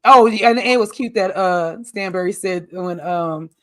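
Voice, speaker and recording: A woman's voice: mid-range voice, a little slow, no room sound, studio quality. A woman co-hosting a casual chat, talking in a colloquial style with exasperated asides. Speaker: podcast co-host.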